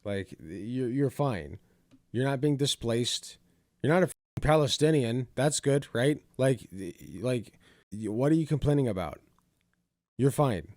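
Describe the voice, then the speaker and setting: A man's voice: medium pitch, animated, unhurried, darkish tone, no room sound. A man hosting a reaction commentary, exasperated and sarcastic, swearing often. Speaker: commentary host.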